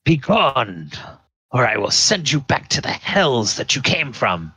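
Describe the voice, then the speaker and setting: A man playing a smug, calm old archwizard who speaks in a dry, condescending way. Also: medium pitch, measured pace, breathy edge, no echo, voice pushed up, heavily acted.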